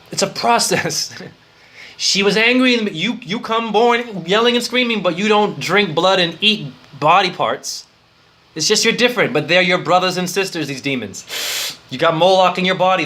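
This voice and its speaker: Male spiritual teacher, rambling and profane, bright sharp voice pitched a bit high. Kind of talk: improvised esoteric lecture.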